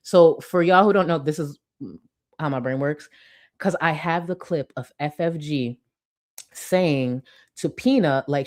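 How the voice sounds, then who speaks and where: A woman giving casual commentary on a stream, talking bluntly with lots of swearing, recorded on a desk mic at home. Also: sits low. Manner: blunt, profane, excitable. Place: home room with ring light. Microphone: desk mic with webcam.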